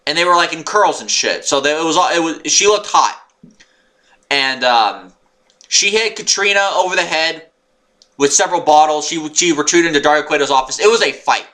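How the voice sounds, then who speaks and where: A man rambling through a wrestling show review, excitable and swearing, sometimes yelling when annoyed. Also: fairly high pitch, normal speed. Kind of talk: unscripted recap monologue.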